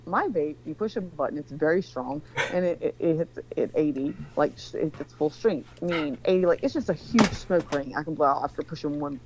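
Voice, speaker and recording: A woman's voice: sits low, fairly quick, hardly any pauses, crowd noise, low-quality recording. A woman in her forties telling a long rambling story in casual chat, swearing often. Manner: rambling, profane, animated storyteller.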